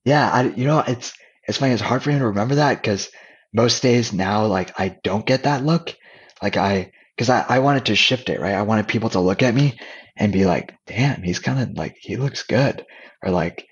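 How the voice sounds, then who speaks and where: A man talking candidly and casually as a podcast guest, relaxed and full of restarts. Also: on the low side, moderate pace, husky, lo-fi sound. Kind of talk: casual conversational storytelling.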